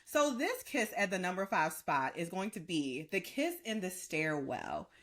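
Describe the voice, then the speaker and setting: A woman co-hosting a podcast in casual chat, gushing and animated as she breaks down scenes. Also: fairly low pitch, measured pace. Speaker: podcast co-host.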